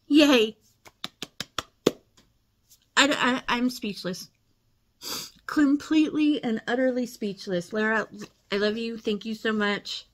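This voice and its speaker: A woman's voice: fairly high pitch, unhurried. A woman hosting a casual unboxing vlog, gushing and emotional, teary and laughing often as she talks. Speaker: channel host.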